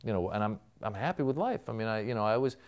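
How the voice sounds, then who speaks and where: Smooth-voiced man, a comedian interviewed. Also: fairly low pitch, lively intonation, very fast. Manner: storytelling, acting out remembered exchanges. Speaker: comedian guest. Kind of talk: interview answers.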